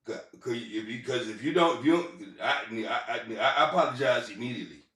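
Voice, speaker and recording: A man with a middle-pitched voice tells rambling personal stories. He swears casually and keeps repeating and restarting his phrases. The sound is roomy and distant, as if he is sitting well back from the mic. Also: animated, fairly bright tone. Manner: halting, repetitive restarts and profanity. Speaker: vlogger.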